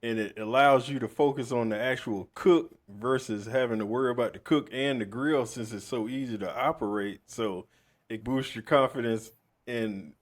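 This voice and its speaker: A man's voice: mid-range voice, normal speed. A man hosting a podcast, chatting casually in an agreeable, easygoing way. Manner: easygoing, agreeable, backchannels a lot. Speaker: podcast host. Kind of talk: casual interview chat.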